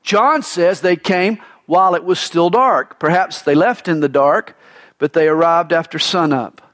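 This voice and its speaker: High-voiced man preaching dramatically. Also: a little slow. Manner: dramatic, emphatic preaching with wide swings in pitch and loudness. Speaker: pastor. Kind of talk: sermon.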